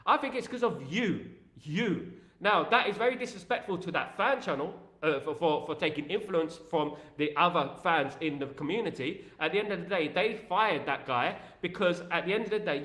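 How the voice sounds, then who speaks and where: A man with a high, bright voice hosts a live stream, talking in a lively, opinionated way and repeating himself often. He sounds roomy, with a clear echo around him. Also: fairly quick. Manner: animated, repetitive and opinionated. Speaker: host of a fan live stream.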